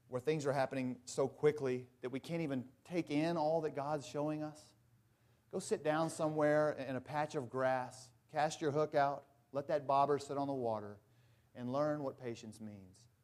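A man's voice: medium pitch, darkish tone. A male pastor preaching a sermon earnestly and with emphasis, mixing in folksy asides.

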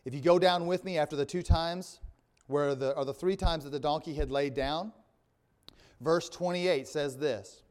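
A man's voice: fairly high pitch, normal speed. A male pastor preaching a sermon, reading scripture aloud and explaining it, with wry asides.

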